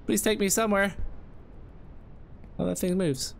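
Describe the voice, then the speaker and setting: A man doing let's-play commentary, anxiously coaching and scolding himself out loud, his voice jumping high under stress. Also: level tone, a little fast, gravelly, pauses often, a little hiss or hum. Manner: anxious self-talk, scolding and coaching himself through jumps. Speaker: gameplay commentator.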